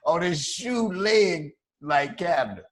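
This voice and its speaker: On a podcast, a male co-host from Chicago tells a wild story in casual, storytelling mode, laughing throughout. His voice sits on the high side and is expressive, and he speaks slowly in a loose, profane, slangy way.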